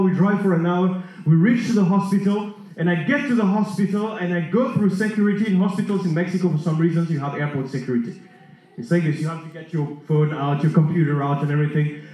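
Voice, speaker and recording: High-voiced man preaching in an echoey hall. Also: distant mic. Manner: animated, lively storytelling with frequent restarts and repeated words. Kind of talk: sermon storytelling to a congregation.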